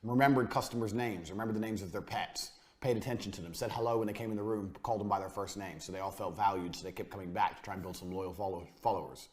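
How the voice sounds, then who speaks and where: A man's voice: lowish voice, fast talker, few pauses. A man giving a business lecture as a coach, blunt and profane, hammering his points home by repeating them.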